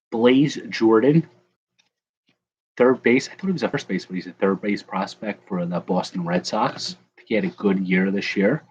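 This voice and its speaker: Here a card breaker hosts his livestream, a young man opening packs, cracking jokes and naming people from the chat. The voice is lowish, and the lo-fi audio carries slight background noise.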